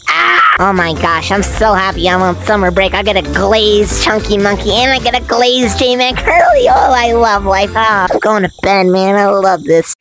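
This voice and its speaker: A woman's voice: mid-range voice, normal speed, hardly any pauses, rough recording. Giddy woman, music behind. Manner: giddy, excitable, laughing. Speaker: YouTuber acting as a gamer kid. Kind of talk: comedy skit.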